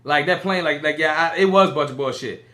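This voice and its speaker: Man on a podcast, talks real fast, bright sharp voice, animated storyteller. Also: on the high side. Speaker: podcast co-host. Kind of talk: casual storytelling chat.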